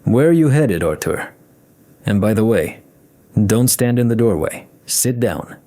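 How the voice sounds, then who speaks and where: A man's voice: lowish voice, sing-song, unhurried, dark tone. Man doing a young woman student, chatty, friendly, audio story.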